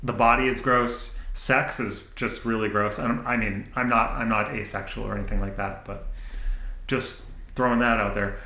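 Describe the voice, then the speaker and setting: A man's voice: fairly low pitch, fairly even intonation, moderate pace, bright, forceful tone, echoey room, rough recording. A man hosting his own channel, rambling in an unedited monologue, self-mocking and laughing often as he talks back to his own thoughts. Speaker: channel host. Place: indoor room, sitting at camera.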